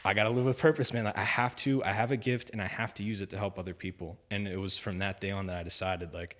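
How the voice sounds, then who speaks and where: A young man telling a story on a podcast in casual chat, animated, acting out other people's lines. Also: on the low side, quick pace. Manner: animated storyteller, acts out quoted voices, lots of "like" and "man". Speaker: podcast guest.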